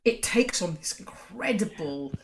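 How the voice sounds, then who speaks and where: A woman's voice: mid-range voice, expressive, measured pace, a little hiss or hum. A middle-aged woman interviewing in casual conversation, chatty with self-deprecating humour.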